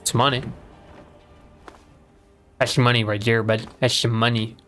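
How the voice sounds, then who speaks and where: A man giving casual gameplay commentary in a goofy, excitable, profane way, joking around as he plays. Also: mid-range voice, unhurried, faint music behind. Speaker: gaming streamer.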